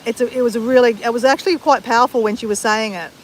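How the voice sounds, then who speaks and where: A woman's voice: fairly high pitch, fairly even intonation, racing, slight background noise. An Australian woman chatting casually with her live-stream viewers in a rambling, self-deprecating way.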